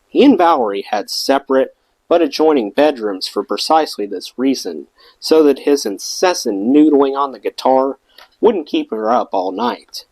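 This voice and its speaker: Lively male audiobook reader, dry sound. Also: medium pitch, no room sound, rough recording. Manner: expressive reading, acts out quoted lines. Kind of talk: reading a memoir aloud.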